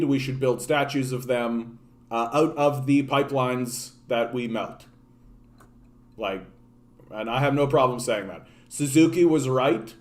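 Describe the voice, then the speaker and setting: A man from Canada hosting a political livestream, ranting casually with profanity and many restarts. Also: mid-range voice. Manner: profane, animated, repeats and restarts words.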